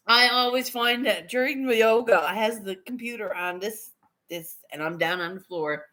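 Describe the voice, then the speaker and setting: Chatting casually to her livestream audience, a woman tells an amusing story with lots of laughter and cursing. She speaks in a fairly high voice, unhurried and pausing often.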